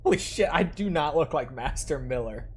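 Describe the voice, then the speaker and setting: A man's voice: on the high side, animated, normal speed, slight background noise. A young man chatting casually with his live-stream audience, joking and swearing.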